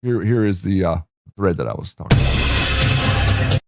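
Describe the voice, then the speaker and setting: A man's voice: sits low, sing-song, unhurried, vocal fry, loud music behind the voice. A man hosting a show, talking casually while screen-sharing, with rambling restarts and rhetorical questions. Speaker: host.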